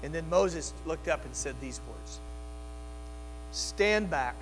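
A man preaching a sermon as pastor, telling the story dramatically, dropping to a hush and rising to loud cries. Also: on the high side, animated, takes it slowly. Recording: long hall reverb, faint music and mains hum.

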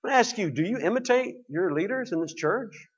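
A man's voice: high-pitched, expressive, a little fast, husky, dull audio. A man preaching a sermon to his congregation, explaining scripture in a conversational way.

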